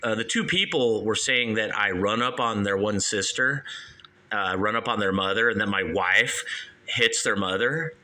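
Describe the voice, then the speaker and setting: A man's voice: on the low side, normal speed, sharp tone. A man hosting a call-in show, ranting heatedly and swearing.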